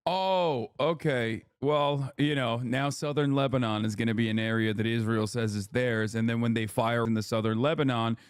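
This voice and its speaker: Sarcastic streamer man, smooth dry voice. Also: medium pitch, moderate pace, hardly any pauses, no echo. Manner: sarcastic, riffs with chat, slips into mock British voice. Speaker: streamer reacting to a debate clip. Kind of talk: casual live-stream commentary.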